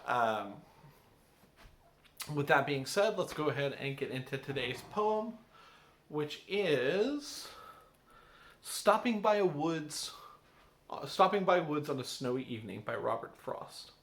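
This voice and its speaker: A man with a fairly high, fairly bright voice reads and explains a poem to his English class in a recorded lesson. He's animated but slow, leaving long pauses, and often checks in conversationally with "right?" The space sounds roomy and echoey.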